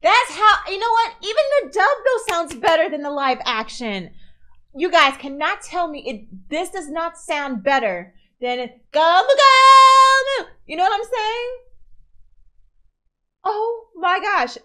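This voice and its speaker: A woman streamer giving casual, animated reaction commentary and answering viewer comments as she goes. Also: extremely high pitch, a little slow, low-quality recording. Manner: chatty, reads viewer comments aloud, animated.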